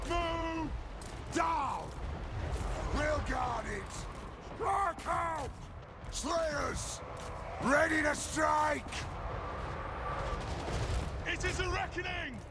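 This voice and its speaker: Actors playing gruff dwarf soldiers in a video game, shouting battle cries and orders. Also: male voice, very high voice, heavy background noise, exaggerated voice. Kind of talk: video game unit voice lines.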